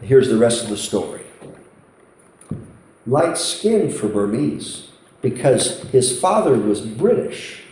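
A man's voice: mid-range voice, sing-song, slow, long pauses, a little mellow, slight background noise. A man preaching a sermon, telling a story with impassioned, pleading emphasis. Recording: roomy hall echo.

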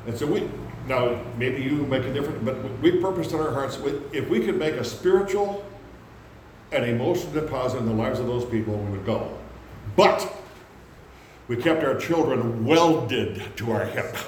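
A man preaching a sermon, animated, acting out quotes in loud high voices. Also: normal speed. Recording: very echoey room with faint background hum.

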